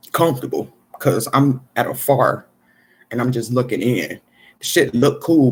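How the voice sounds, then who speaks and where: A man's voice: mid-range voice, slightly rough. A man casually telling a personal story in profane street slang, often saying "you know what I'm saying". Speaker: storyteller recounting an experience.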